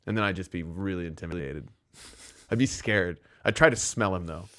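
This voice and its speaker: A man's voice: deep voice, brisk, a bit bright. A man hosting a podcast, joking loosely, laughing often and slipping into silly voices. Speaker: podcast host. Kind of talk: casual comedic chat.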